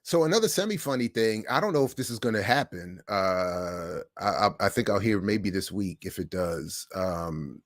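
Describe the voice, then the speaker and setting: A middle-aged man hosting a livestream, telling stories in a casual monologue with animated swings between hushed and loud. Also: deep voice, moderate pace, few pauses, dry recording, clean studio sound. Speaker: livestream host.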